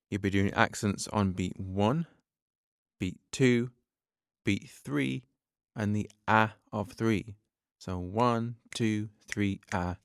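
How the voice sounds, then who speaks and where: A man's voice: fairly low pitch, no room sound, clean studio sound. A man teaching a drum lesson on his podcast, explaining patiently step by step and counting beats aloud.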